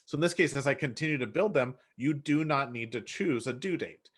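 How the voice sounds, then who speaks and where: A man explaining step by step how to build a workflow in software, relaxed and often correcting himself. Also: medium pitch, a little fast, husky. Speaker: software trainer. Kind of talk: screen-share software tutorial.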